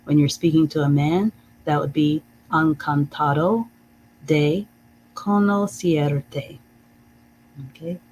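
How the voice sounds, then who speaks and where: A teacher leading a live-streamed reading lesson, saying phrases slowly and carefully, checking in with "okay?" and chuckling often. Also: mid-range voice, steady tone, darkish tone, slight background noise, low-quality recording. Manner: reads out viewer comments.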